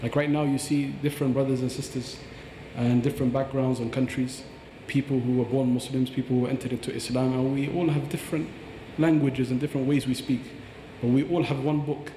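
A fast-talking man with a mellow voice explains recitation like a patient teacher, slipping into recited Arabic phrases. He sounds roomy, with a long reverb trailing his words in a large hall. Faint ambience sits behind him. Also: medium pitch, flat delivery, a little hiss or hum. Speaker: Quran teacher. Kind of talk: podcast explanation.

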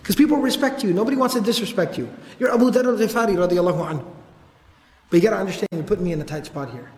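A man playing a patient leader, calm, persuasive, high voice, echoey hall. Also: racing. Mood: conciliatory. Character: calm patient male leader, reasoning with an old friend.

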